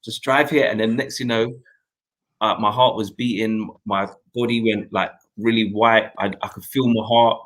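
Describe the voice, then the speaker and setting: A young adult man, hosting a talk show and telling a personal story in an earnest, reflective way, with pauses and restarts. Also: fairly low pitch, level tone, a bit bright, rough recording. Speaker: host.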